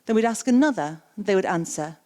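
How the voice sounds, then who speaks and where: A woman's voice: medium pitch, lively intonation, brisk, a little mellow. A woman giving an interactive keynote on coaching. She repeats the audience's words back and asks them questions. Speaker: keynote speaker and coaching trainer. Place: conference stage.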